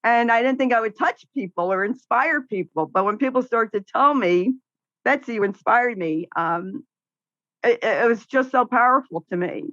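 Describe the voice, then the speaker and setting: In a casual podcast interview, a middle-aged guest talks outspokenly about caregiving, laughing through animated stories. Her voice is a little high and her pace moderate, and the recording is muffled with no room sound.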